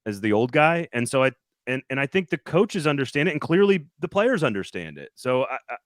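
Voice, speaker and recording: A man's voice: mid-range voice, very animated, a little fast, no echo, clean studio sound. A man co-hosting a casual sports talk show, rambling with lots of restarts and easy laughter. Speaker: podcast co-host reporting from media days.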